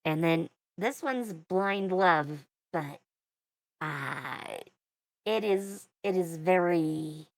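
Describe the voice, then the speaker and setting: Slow-talking, low-voiced woman reacting to music. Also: no echo. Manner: thinking aloud, musing and unhurried. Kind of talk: casual reaction commentary.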